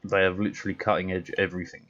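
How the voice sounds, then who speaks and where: British male streamer, very low voice, blunt and sweary, dull lo-fi mic sound. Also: little pitch movement, very fast, a bit bright. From Britain. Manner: blunt, sweary, laughs often. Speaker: game streamer. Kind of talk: casual chat while gaming.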